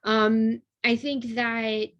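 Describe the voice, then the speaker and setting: A woman's voice: on the high side, level tone, takes it slowly, dull audio. Woman instructor, young adult, casual classroom teaching, lots of fillers and tag questions. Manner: conversational, many fillers and rhetorical "right?".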